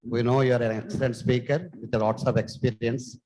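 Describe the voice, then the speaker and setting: A man, chairing a conference session, politely asking questions with frequent pauses. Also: medium pitch, fairly even intonation, a little mellow, low-quality recording. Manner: polite, deferential, hesitant with fillers. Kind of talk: moderating a conference Q&A.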